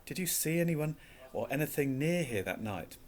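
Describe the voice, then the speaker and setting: Man doing a brisk clever schoolgirl. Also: on the high side, expressive, voice pushed up, natural voice. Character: clever, earnest schoolgirl, bossy.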